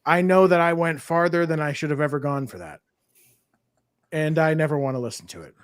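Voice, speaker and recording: A man's voice: fairly high pitch, brisk, no room sound, clean studio sound. A man co-hosting a podcast in casual, candid chat, swearing freely. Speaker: podcast co-host.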